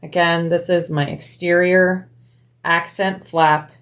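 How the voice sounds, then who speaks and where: A woman's voice: fairly low pitch, level tone, slow, a bit bright, a little hiss or hum. A woman hosting a bag-making tutorial, chatting casually as she explains each step while she works.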